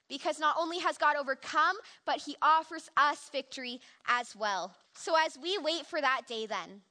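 A woman's voice: high-pitched, pushed and bright. A young woman giving an earnest, reflective personal testimony in the style of a sermon. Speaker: speaker giving a devotional.

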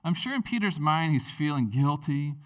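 A man preaching a sermon in a casual, animated way, with lots of fillers. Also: on the high side, normal speed, distant mic. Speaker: pastor.

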